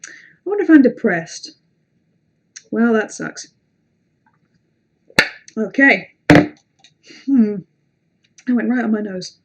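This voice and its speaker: A young British woman with a slightly high, animated voice chats casually on a livestream between horror story readings, rambling, putting herself down and swearing. She speaks slowly and pauses often. The recording has its highs cut off and a little hiss or hum.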